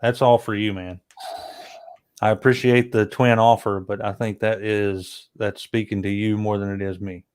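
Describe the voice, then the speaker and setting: Blunt, low-voiced man chatting. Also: level tone, moderate pace, darkish tone, clear, resonant tone. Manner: blunt, emphatic, swears freely. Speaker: guest co-host. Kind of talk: casual livestream chat.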